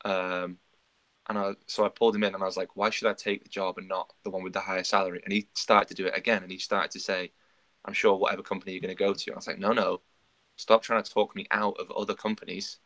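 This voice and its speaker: On a podcast, a male co-host chats casually, rattling off an anecdote in a low, flat voice and performing the quoted lines as he goes.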